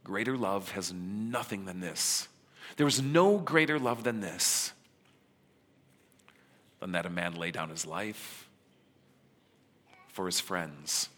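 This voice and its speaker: A man voicing a gentle, earnest male teacher who speaks slowly and softly to his friends. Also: a little high, expressive, creaky, husky, pitched above the performer's own voice, exaggerated voice. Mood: tender. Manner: hushed, slow and tender. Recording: long hall reverb.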